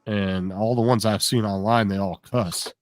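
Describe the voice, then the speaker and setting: A man's voice: on the low side, steady tone, moderate pace, dry recording. A man talking in a casual chat, rambling and curious, often repeating words as he works out what he wants to say. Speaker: co-host on a live stream.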